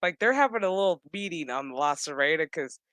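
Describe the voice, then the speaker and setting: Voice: medium pitch, expressive, fairly quick, a bit bright, dry recording. A vlogger recapping a TV episode in casual, rambling commentary, profane and sarcastic throughout.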